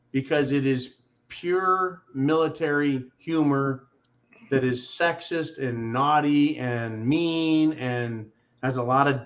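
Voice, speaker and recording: A man hosting a casual livestream chat, joking loudly and swearing freely. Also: medium pitch, muffled recording. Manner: profane, joking, boisterous. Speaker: host.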